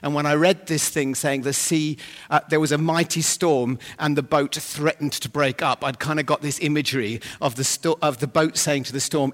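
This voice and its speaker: A man preaching a sermon, humorous and animated, with sudden loud bursts of emphasis. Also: a little high, normal speed. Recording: long hall reverb.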